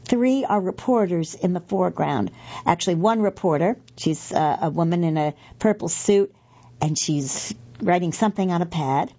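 A woman's voice: fairly low pitch, normal speed, dark tone, lo-fi sound. A middle-aged woman reading magazine pieces aloud for a podcast, chatty and correcting herself with asides.

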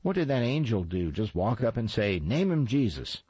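A man's voice: lowish voice, very animated, normal speed, mellow, breathy edge, no room sound, pitched above the performer's own voice. A man reading a storybook, voicing a tough, defiant young girl in a raised, blunt voice. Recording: slightly dull, dry recording.

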